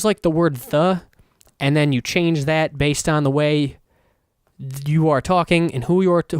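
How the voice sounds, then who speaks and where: A man hosting his own podcast, rambling casually and excitedly with plenty of swearing. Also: on the high side, smooth, dry recording, clean studio sound. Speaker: podcast host.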